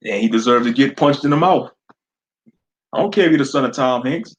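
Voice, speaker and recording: A man's voice: mid-range voice, a little fast, dull audio. A man hosting a casual online commentary stream, blunt and slangy, laughing often.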